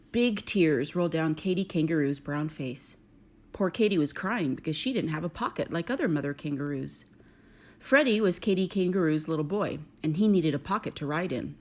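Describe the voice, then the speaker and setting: A middle-aged woman reading a children's picture book aloud, gentle and expressive. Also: fairly low pitch. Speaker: storyteller.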